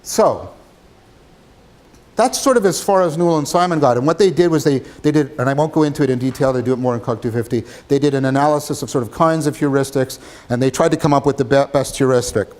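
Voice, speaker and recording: A man giving a university lecture, animated, asking his class questions as he talks. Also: mid-range voice, fast. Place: lecture hall.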